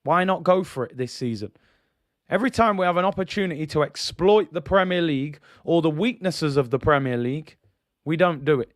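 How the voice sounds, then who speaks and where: A fed-up man vents on a football livestream, firing question after question at the club. His voice sits fairly high and sounds close and dry, with no room around it. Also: lively intonation, fairly quick, dry recording. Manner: frustrated, rhetorical questions, reads out viewer comments. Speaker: football channel host. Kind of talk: livestream fan rant.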